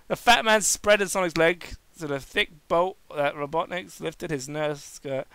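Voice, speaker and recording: Male reader, mock-dramatic comic delivery, high bright voice, slow and drawn out. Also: smooth, no echo, low-quality recording. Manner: hammy, breaks into laughter and outbursts. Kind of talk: mock-dramatic comedic reading.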